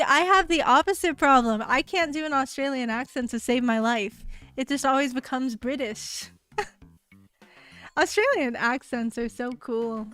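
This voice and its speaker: A young woman with a slightly high voice chats upbeat and casually on a live stream, reading viewer messages aloud and laughing often. Her talk is full of "like" fillers, and soft music plays quietly behind her. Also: clear, resonant tone. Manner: heavy use of "like" fillers. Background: faint background music.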